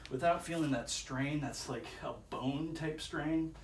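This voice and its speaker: A man's voice: a little high, measured pace, distant mic. Rambling man counting reps in echoey room. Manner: rambling, chuckling, counting reps under his breath. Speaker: vlogger doing a workout. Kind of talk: casual self-filmed workout commentary. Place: indoor room with chairs. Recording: echoey room, voice from off-mic, faint ambient noise.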